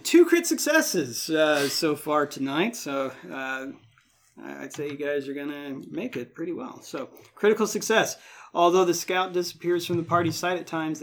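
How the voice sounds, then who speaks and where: A man's voice: fairly high pitch, a little hiss or hum. A man running a tabletop game as game master, explaining rules in a chatty way with many fillers.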